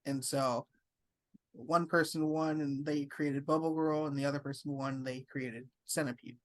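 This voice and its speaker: A man co-hosting a podcast, chatting about an anime in a relaxed way and filling in background details. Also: fairly high pitch, normal speed. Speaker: podcast co-host. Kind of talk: casual anime discussion.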